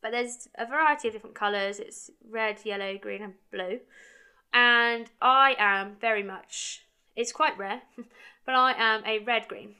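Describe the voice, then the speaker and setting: A woman's voice: fairly high pitch, measured pace, pushed and bright, clear, resonant tone. A young woman in her twenties telling a casual story, chatty, quoting her own conversations and saying "like" a lot. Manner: chatty, quotes her own dialogue, heavy use of "like". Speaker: brand founder.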